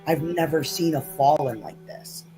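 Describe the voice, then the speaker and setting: A woman voicing a calm, grave old male wizard in a tabletop game. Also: deep voice, normal speed, gravelly, soft background music, low-quality recording.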